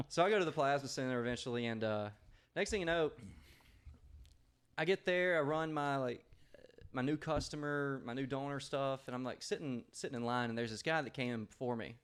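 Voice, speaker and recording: A man's voice: mid-range voice, a little fast, a bit bright, clear, resonant tone. A man co-hosting a podcast, telling a rambling, laugh-filled story in casual chat with plenty of swearing. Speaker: podcast co-host.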